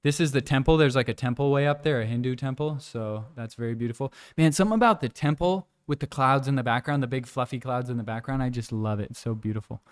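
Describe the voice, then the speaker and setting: A man's voice: fast, few pauses, clear, resonant tone. Laid-back rambling young man. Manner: laid-back, rambling, mimics animals and people in high squeals. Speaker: vlogger. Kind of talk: casual vlog chat. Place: outdoors on a hillside village walk.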